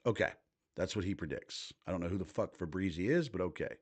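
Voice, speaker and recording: A man's voice: low-pitched, animated, fast talker, a little mellow. A man in his thirties hosting a livestream, reading posts aloud and reacting with casual, profane commentary. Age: 30s. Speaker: livestream host.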